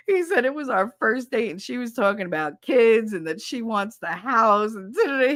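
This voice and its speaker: A woman in her thirties co-hosting a podcast, telling a gossipy story in casual, profane chat, laughing often and jumping up high to quote people. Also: animated, normal speed, fairly bright tone, no room sound, studio quality. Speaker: podcast co-host.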